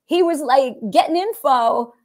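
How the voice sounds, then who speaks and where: A woman's voice: high voice, a little slow, a little mellow. A middle-aged woman, a guest comedian, telling rambling stories on a casual podcast and acting out the quotes of the people in them. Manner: rambling storyteller who acts out quotes.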